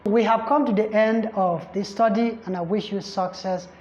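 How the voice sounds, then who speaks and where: A woman teaching an exam English lesson, speaking deliberately and repeating words slowly to model their pronunciation. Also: mid-range voice, fairly even intonation, darkish tone. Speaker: exam tutor. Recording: roomy, dull lo-fi recording.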